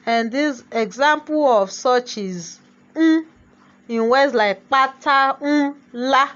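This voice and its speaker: A woman with a slightly high voice gives a language lesson. She switches between Yoruba and English and keeps asking "what?" to draw answers from her class. The sound is muffled and lo-fi. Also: slow pace, fairly bright tone. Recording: dull lo-fi sound.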